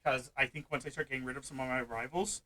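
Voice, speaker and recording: A man hosting a casual let's-play chat about a strategy game, hyper, loud and fast-talking. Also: medium pitch, fairly even intonation, low-quality recording. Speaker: gaming channel host. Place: hot room at home.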